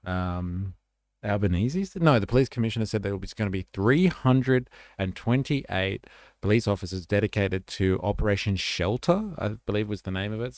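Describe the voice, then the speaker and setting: A man's voice: sits low, vocal fry, darkish tone, no room sound, studio quality. An Australian man hosting a livestream, rambling casually and swearing as he reacts to news. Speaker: livestream host. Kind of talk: casual commentary stream.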